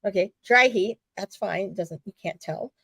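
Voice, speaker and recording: A woman co-hosting a casual wrestling talk show, rambling and animated, swearing now and then. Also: mid-range voice, unhurried, vocal fry, slightly rough, no room sound. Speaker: podcast co-host.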